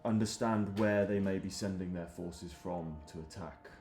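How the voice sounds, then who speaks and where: Man player, very low voice, deliberate, roomy sound with music behind. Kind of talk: casual tabletop game talk.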